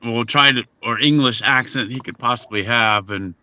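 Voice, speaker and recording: A man in a casual group chat, telling an animated funny story. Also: medium pitch, normal speed, muffled recording, very noisy. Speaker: panelist.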